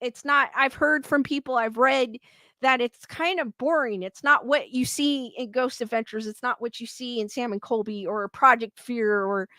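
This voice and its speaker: A woman's voice: fairly high pitch, moderate pace, sharp tone, no room sound. A woman hosting a paranormal livestream, chatting casually with viewers and rambling candidly as she vents her frustration. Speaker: paranormal YouTube host live-streaming. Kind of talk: casual livestream chat, reading viewer comments.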